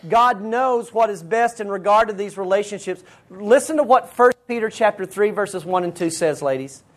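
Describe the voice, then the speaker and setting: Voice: medium pitch, moderate pace. Earnest preacher reading scripture aloud. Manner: earnest, addresses listeners directly and reads scripture aloud. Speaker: Bible teacher. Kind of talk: sermon.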